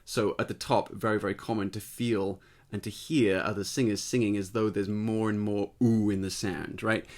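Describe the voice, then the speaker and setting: A man giving a casual spoken singing lesson, explaining step by step and checking in with the listener, his voice tired and slightly husky. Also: on the low side, level tone, moderate pace. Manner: explanatory, conversational, often checks in with "right?". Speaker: voice teacher.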